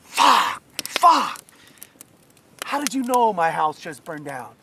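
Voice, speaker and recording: A man acting out an astonished young man in his twenties who swears and shouts in disbelief. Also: a little high, sing-song, normal speed, a little hiss or hum. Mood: stunned.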